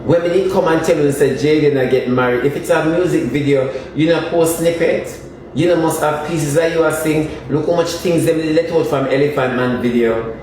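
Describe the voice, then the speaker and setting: A man's voice: a little high, normal speed, a little mellow. A man with a Jamaican accent giving comic commentary on social media gossip, emphatic and ranting, hammering dismissive refrains. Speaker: online commentator. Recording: very echoey room, far from mic, faint noise.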